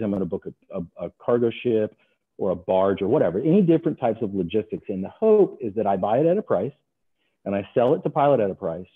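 A middle-aged man, a guest trader, talking casually and telling stories with lively acted-out voices. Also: on the low side, slightly rough. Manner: animated storyteller, acts out other voices. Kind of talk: casual interview talk. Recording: tinny phone-like remote line.

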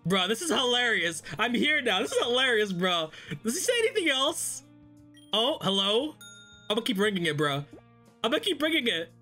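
A man hosting a let's play, reacting excitably and laughing often in slangy casual commentary. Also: very high-pitched, moderate pace, faint music behind. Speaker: gaming channel host.

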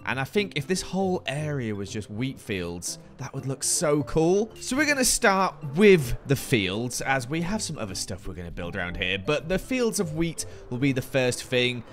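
A young man with a hoarse, nearly gone voice, giving chatty, self-mocking commentary over gameplay. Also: mid-range voice, big pitch swings, normal speed, hardly any pauses, soft background music. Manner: chatty, self-mocking, mock-angry rants. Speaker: gaming video creator.

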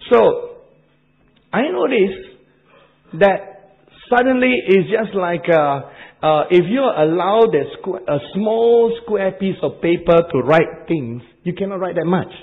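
Brief: Asian-accented male preacher, fairly high voice, lively sermon, dull archival recording. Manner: animated, repeats words, laughs at own jokes.

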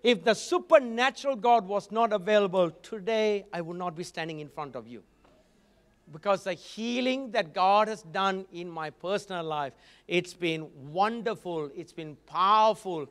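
A man's voice: sits high, moderate pace, a bit bright, long reverb tail. A man preaching a sermon, telling a story with frequent asides. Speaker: guest preacher.

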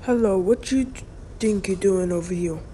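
A woman voicing a gruff, bossy animal that guards its area. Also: medium pitch, moderate pace, heavy background noise, lightly acted.

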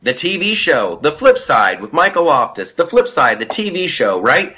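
A man hosting a casual political podcast, animated and profane as he rants. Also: fairly high pitch, moderate pace, breathy edge. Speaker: podcast host.

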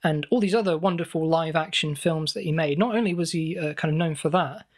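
A man's voice: a little high, brisk. Playful faux-earnest comedy podcast man. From southwest England. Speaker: podcast co-host. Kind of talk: improvised comedy podcast banter.

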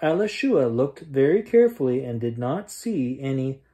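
Reading a children's book as a bedtime story, this storyteller uses a mid-range voice at normal speed. He performs it with animation, getting louder on shouted lines, recorded on a camera mic near the camera.

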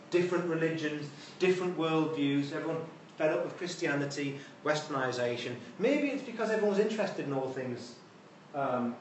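A man's voice: fairly high pitch, slight background noise. A man giving an informal university lecture with wry, conversational asides. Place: lecture hall. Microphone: distant room mic. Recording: echoey hall from far off.

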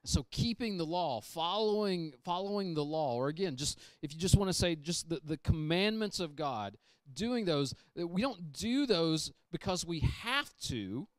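Emphatic preacher with a smooth voice. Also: male voice, a little high, lively intonation, normal speed, hardly any pauses, no room sound, studio quality. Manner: emphatic, repeats phrases, shifts from loud to hushed. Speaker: pastor. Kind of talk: sermon. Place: church sanctuary.

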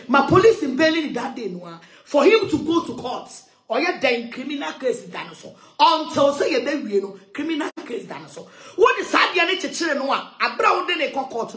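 A woman ranting loudly in a heated monologue, switching between English and Twi, with shouting and sing-song outbursts. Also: high voice, reverberant. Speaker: social media commentator.

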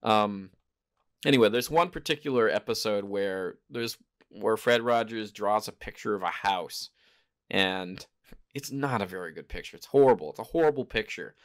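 A man's voice: on the low side, moderate pace. A man hosting a casual solo podcast, rambling and hesitant, often stopping to correct himself. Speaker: podcast host. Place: home in Japan.

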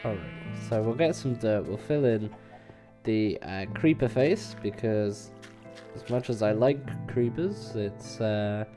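Slow, hesitant man narrating gameplay. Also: on the low side, lively intonation, warm tone, soft background music. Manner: hesitant, rambling, many fillers. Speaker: let's play host. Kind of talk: casual gameplay commentary.

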